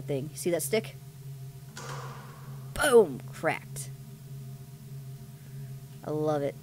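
A woman's voice: on the low side, noisy background. A young woman casually commentating a game playthrough, rambling and self-deprecating. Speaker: gaming channel host.

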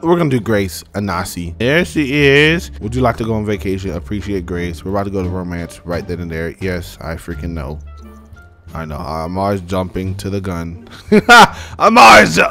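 A young man hosting a gaming channel, giving excitable, casual let's-play commentary and talking straight to his viewers. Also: on the low side, normal speed, creaky, faint music behind. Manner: excitable, animated, talks to viewers as "y'all".

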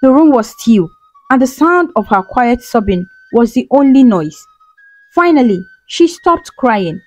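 Lively woman narrating a folktale. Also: on the high side, a little slow, dry recording, rough recording. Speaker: storyteller. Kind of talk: scripted narration. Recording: soft music behind.

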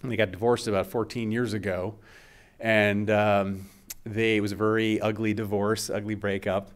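A man's voice: lowish voice, little pitch movement, normal speed, clean tone. A middle-aged man giving a scientific seminar talk as the invited speaker, conversational and full of uh and um fillers.

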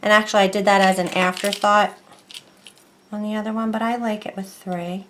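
A woman's voice: mid-range voice, flat delivery, fairly quick, slight background noise. A woman talks her way through a crafting tutorial at home. Her chat is loose and rambling, full of restarts and asides. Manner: rambling, chatty, self-interrupting. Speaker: craft vlogger.

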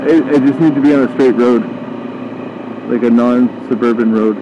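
Young male motovlogger, mid-pitched, chatty and excited, helmet mic buried in loud wind and engine noise. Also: moderate pace, dull audio. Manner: chatty, excited, joking asides. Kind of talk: casual motovlog commentary. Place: outdoors riding a motorcycle on streets. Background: motorcycle engine and traffic.

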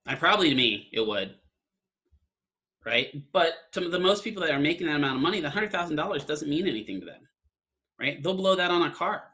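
A man's voice: a little high, expressive, fairly quick, bright, forceful tone. A man lecturing an online class in a casual, conversational way, often checking in with "right?". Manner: conversational, keeps asking "right?".

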